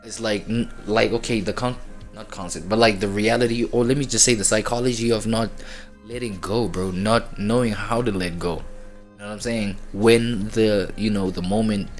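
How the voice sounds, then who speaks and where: A man's voice: lowish voice, fairly even intonation, normal speed, soft background music. A man hosting a reaction video, rambling in casual slang with lots of fillers.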